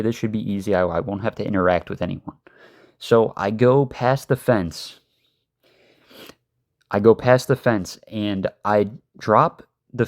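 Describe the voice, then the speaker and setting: A man telling a casual storytime tale, rambling with many fillers and swearing. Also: mid-range voice.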